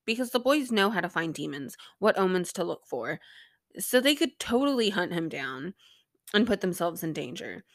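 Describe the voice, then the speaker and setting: A woman's voice: on the low side, very animated, normal speed, no room sound. A young woman hosting a podcast, recapping an episode in a rambling, sarcastic way with plenty of swearing and filler words. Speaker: podcast host.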